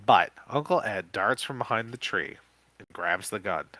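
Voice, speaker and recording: Bright-voiced man reading a story aloud. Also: fairly low pitch, expressive, no echo. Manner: reading aloud with quick self-corrections. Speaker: podcast co-host. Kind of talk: live reading of an interactive book.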